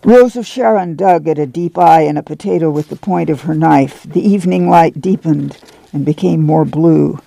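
Gravelly male novel reader. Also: fairly high pitch, moderate pace, dry recording. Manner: steady, plain storytelling with folksy dialogue. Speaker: volunteer reader. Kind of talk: reading a novel aloud on radio.

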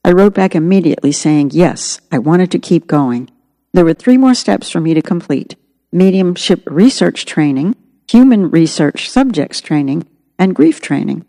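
A woman's voice: lowish voice, animated, normal speed, dark tone, big-room sound. A woman narrating her own memoir as an audiobook, in an earnest, reflective way.

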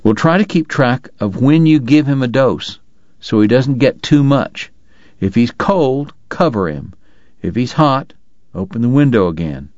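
A man's voice: mid-range voice, lively intonation, measured pace, a little mellow, no echo, dull audio, voice pushed up, natural voice. A man voicing a curt, authoritative frontier doctor who snaps orders and explains matter-of-factly. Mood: instructive.

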